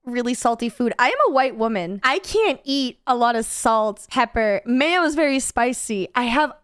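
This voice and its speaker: A young woman reacting to a video as a streamer, talking in an animated, rambling and self-deprecating way. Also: fairly high pitch, moderate pace, clean tone, no echo, studio quality. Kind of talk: casual reaction commentary.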